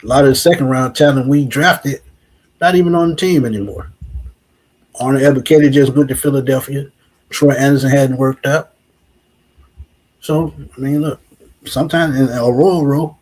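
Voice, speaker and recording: A man in his forties with a slightly husky, breathy edge and a lilt. He co-hosts a casual sports talk show, thinking out loud and circling back to his points. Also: medium pitch, normal speed, long pauses, poor audio. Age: 40s. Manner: reflective, repeats "like I said".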